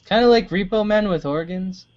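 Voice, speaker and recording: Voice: mid-range voice, normal speed, a little mellow. A player at a tabletop game, chatting casually with a lot of filler words. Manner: rambling, lots of "like", giggly. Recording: dull lo-fi recording.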